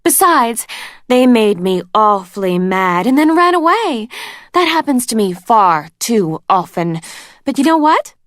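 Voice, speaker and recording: A woman's voice: mid-range voice, lively intonation, a little slow, fairly bright tone, no room sound, clean studio sound, voice pushed up. A woman voicing a cruel, teasing female dragon queen from a storybook, mocking and drawn out. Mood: gloating. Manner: mocking, sing-song and drawn out.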